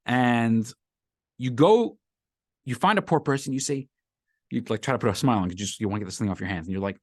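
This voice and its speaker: A man's voice: mid-range voice, fairly quick, dry recording. A man who is a rabbi giving a conversational Torah class to a live group, explaining ideas and acting out everyday scenarios.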